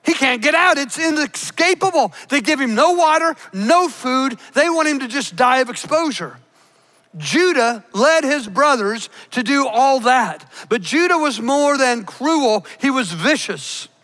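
A man preaching a sermon, emphatic, slowing down to stress key words. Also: extremely high pitch, animated, pushed and bright. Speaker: pastor. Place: church.

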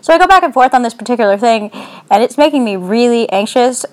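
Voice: medium pitch, expressive, quick pace. A young adult vlogger talking into a phone in a casual, anxious, rambling way. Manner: anxious, rambling, self-deprecating.

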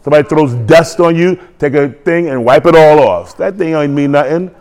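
A man's voice: a little high, normal speed, a little mellow. A man preaching a sermon in an emphatic call-and-response manner.

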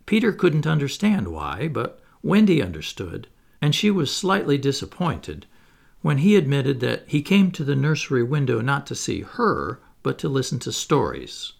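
A man narrating a children's classic aloud in an expressive storybook reading. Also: mid-range voice, moderate pace, gravelly. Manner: expressive, animated. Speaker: audiobook narrator.

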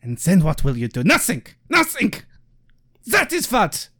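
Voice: medium pitch, huge pitch swings, dry recording, clean studio sound, pitched above the performer's own voice, heavily acted. A podcaster doing a sinister German lawyer. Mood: ranting. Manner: slow insinuating drawl, then shouting. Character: sinister male lawyer, smugly threatening.

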